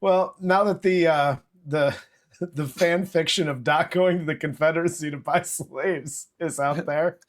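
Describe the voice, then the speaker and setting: A man hosting a movie-review podcast, recapping scenes in a profane, animated casual chat. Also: fairly high pitch, unhurried. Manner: profane, animated retelling with acted quotes.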